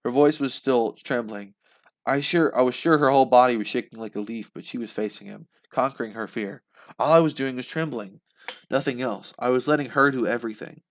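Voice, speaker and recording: A man reading a novel aloud live for the first time, expressive, with slips and restarts. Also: medium pitch, a little fast. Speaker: channel host reading aloud.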